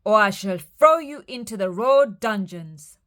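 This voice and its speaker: A woman's voice: mid-range voice, expressive, a bit bright. A woman voicing a greedy, demanding male king who drags out his words. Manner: slow, drawn-out and greedy.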